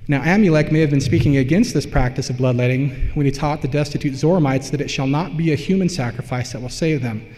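Male lecturer, mellow tone, conversational academic delivery, long hall reverb. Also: fairly high pitch, quick pace, few pauses. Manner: explanatory, loosely conversational with asides.

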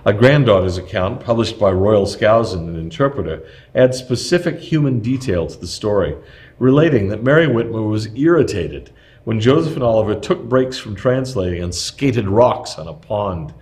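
A man with a somewhat low voice reads a prepared historical text aloud. His delivery is measured and steady, with the odd small stumble as he goes. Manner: measured, steady reading with occasional slips.

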